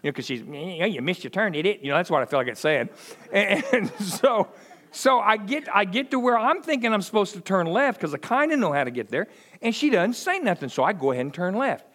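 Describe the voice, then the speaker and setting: Animated high-voiced preacher. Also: male voice, fairly quick. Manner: animated storytelling, acts out quoted voices, chuckles often. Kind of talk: conversational sermon.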